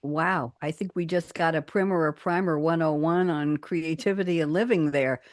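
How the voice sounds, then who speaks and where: A woman's voice: low voice, moderate pace, no echo. Dry-voiced woman radio host. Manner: lively storytelling, laughs while talking. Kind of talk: casual chat. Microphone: studio microphone.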